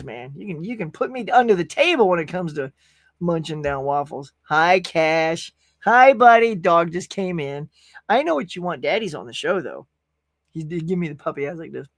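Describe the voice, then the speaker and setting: A man's voice: sits high, dry recording, clean studio sound. A man hosting a casual movie-talk livestream, reading viewer comments aloud and bantering with the chat. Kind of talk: casual live-stream chat.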